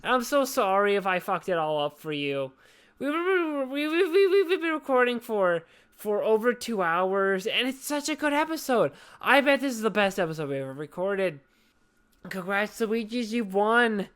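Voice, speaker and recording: A drunk woman rambles through a casual podcast chat, swearing freely and apologizing again and again. Her voice is smooth and clear at an ordinary middle pitch. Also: very animated, normal speed, fairly bright tone. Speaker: podcast host.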